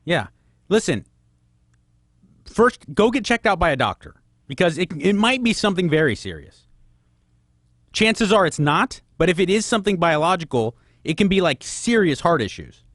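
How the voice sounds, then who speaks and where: A man's voice: high voice, big pitch swings, normal speed, long pauses, fairly bright tone, no room sound, studio quality. A man hosting a call-in radio advice show, giving frank advice and firing off probing questions. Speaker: radio host.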